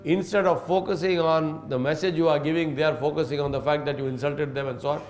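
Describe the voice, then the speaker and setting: A man teaching as an Islamic scholar, with a voice sitting a little high for a man. He lectures earnestly, weaving in stories and chuckling through them. The sound carries a roomy echo. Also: steady tone, fast talker. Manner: earnest, storytelling, chuckles when recounting. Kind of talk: religious lecture with anecdotes.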